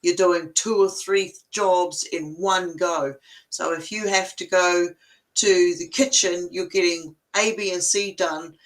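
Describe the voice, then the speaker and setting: A woman's voice: lowish voice, steady tone, slow, poor audio. An older woman giving a casual spiritual card reading, chatty and explaining step by step with everyday examples.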